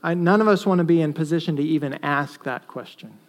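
Male pastor, high-pitched, earnest sermon delivery with emphatic stresses. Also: fast talker. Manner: earnest, rises to emphatic stresses then drops to quiet asides.

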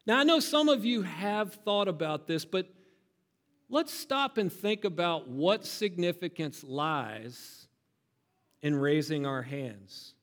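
Male pastor, mid-high voice, expressive sermon delivery, reverberant sanctuary sound. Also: slow. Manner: expressive, builds to loud emphatic peaks. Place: church sanctuary.

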